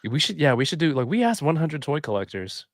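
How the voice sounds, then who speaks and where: A man's voice: a little high, sing-song, a little fast. A man co-hosting a podcast, joking and teasing the others in casual chat. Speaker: podcast co-host.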